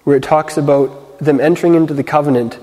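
A man giving a casual, conversational sermon as a Messianic teacher, full of fillers, slowing down to read scripture. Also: on the high side, steady tone, dark tone. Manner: conversational, filler-heavy, reads scripture slowly. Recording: long hall reverb.

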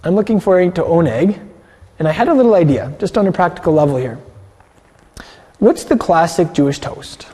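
Man, earnest sermon teacher, fairly high voice, mellow tone, long hall reverb. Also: animated, fairly quick, pauses often, slightly rough. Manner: earnest, asks the room questions. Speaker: congregation teacher. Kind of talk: sermon to a congregation.

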